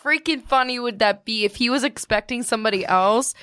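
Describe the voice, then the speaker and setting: A woman's voice: a little high, a little fast, few pauses, sharp tone, smooth. A young adult woman from Ohio co-hosting a podcast, chatting casually with friends, rambling and laughing often. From Ohio, USA. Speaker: podcast co-host. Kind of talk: casual chat.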